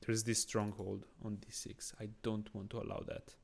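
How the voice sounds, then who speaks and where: Swiss guy streaming chess, low gravelly voice, chats with viewers and thinks out loud, english isnt his first language. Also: little pitch movement, normal speed. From Switzerland. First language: not English. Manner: chatty, thinks aloud, reads chat and greets viewers. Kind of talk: casual live-stream commentary.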